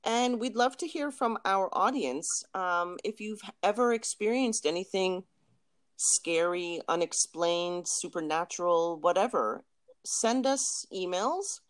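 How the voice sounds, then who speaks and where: A Canadian woman co-hosting a casual podcast, chatty and quick to laugh. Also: on the low side, animated, dry recording. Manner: giggly, laughs often. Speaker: podcast co-host.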